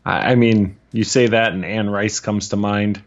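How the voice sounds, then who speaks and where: A man's voice: lowish voice, steady tone, normal speed, highs cut off. A man co-hosting a podcast, guessing answers in casual chat with a self-deprecating, hesitant manner. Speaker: podcast co-host.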